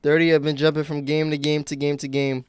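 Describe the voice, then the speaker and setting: A man's voice: on the high side, level tone, fast talker, a little mellow, clear, resonant tone, no room sound. A young man from the United States chatting casually while live-streaming games, rambling and self-mocking. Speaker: game streamer.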